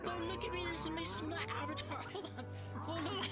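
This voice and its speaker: A woman's voice: extremely high pitch, a little fast. A woman chatting casually with friends in a playful, crude, rambling way. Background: music.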